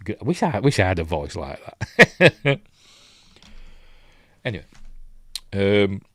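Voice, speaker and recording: A man's voice: fairly low pitch, big pitch swings, slow pace, no room sound. A man with a Yorkshire accent chatting loosely through a film breakdown, full of ums and forgetful asides. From Yorkshire, England. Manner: rambling, lots of ums and asides. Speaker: film reviewer.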